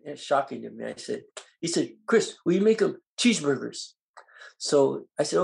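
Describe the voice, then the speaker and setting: An older man, a guest in an interview, telling animated stories and acting out the voices of people in them. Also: a little high, fairly quick, creaky. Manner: animated, acts out quoted voices. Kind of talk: storytelling in an interview.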